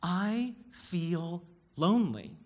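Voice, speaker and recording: A male pastor voicing his weary, hurt young wife in quiet, plain quoted speech during a sermon. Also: high voice, big pitch swings, very slow, full character voice. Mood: lonely.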